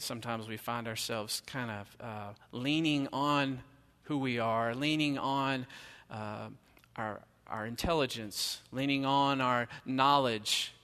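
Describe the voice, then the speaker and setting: Middle-aged male pastor, bright forceful tone, casual sermon delivery, long hall reverb. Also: mid-range voice, smooth. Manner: conversational preaching, emphatic rhetorical questions.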